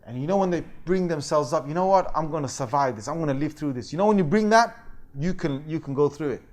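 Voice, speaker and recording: A man with a high, bright voice gives a religious lecture. He swings from soft, low asides to loud, raised outbursts as he acts out the voices in the story. He talks in a way. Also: quick pace. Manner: animated, acts out quoted voices and fake crying. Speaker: Islamic teacher.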